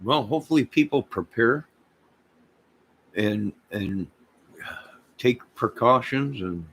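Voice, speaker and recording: A man's voice: medium pitch, animated, slow pace, fairly bright tone, husky. A man chatting casually on his small vlog channel, rambling in a folksy, loose way.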